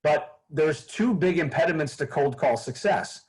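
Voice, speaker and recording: Man, husky, fairly high voice, animated, sales trainer, podcast guest. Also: moderate pace, low-quality recording. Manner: animated, acts out phone calls in a bright raised voice. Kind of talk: energetic podcast interview.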